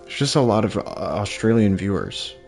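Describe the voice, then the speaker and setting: A man's voice: fairly low pitch, lively intonation, moderate pace, gravelly, a little mellow, soft background music. A young man chatting casually while streaming a game, rambling and reading chat aloud. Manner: rambling, laid-back, reads chat aloud.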